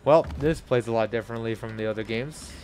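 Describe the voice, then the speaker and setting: A man doing live gameplay commentary as a streamer, profane and frustrated, breaking into loud shouts. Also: mid-range voice, brisk. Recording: noisy stream audio.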